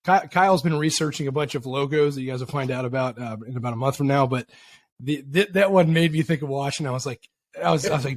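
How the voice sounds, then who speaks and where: A man's voice: mid-range voice, fast, no room sound. A man co-hosting a podcast, rambling and swearing with self-mocking humor in casual banter. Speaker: podcast co-host.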